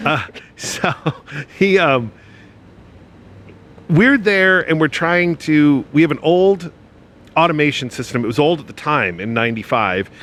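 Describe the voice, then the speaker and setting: Halting, emotional man reminiscing. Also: fairly high pitch, expressive, a bit bright, a little hiss or hum. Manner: halting, many restarts, emotional. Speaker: podcast co-host, former radio programmer. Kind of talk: casual reminiscing chat.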